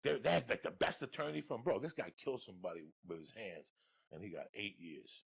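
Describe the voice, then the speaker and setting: A middle-aged man telling crude, profane comic stories on a podcast, loud and laughing, jumping from shouts to low mutters. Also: very animated, fairly quick, vocal fry, slightly rough. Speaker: podcast guest storyteller. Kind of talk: profane comedic storytelling.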